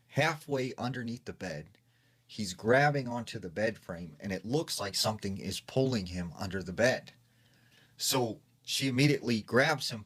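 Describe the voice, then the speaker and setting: A man's voice: fairly low pitch, fairly bright tone, slightly rough. A man casually retelling a creepy true story in a chatty way, full of "like" and "she's like". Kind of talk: casual spoken scary story.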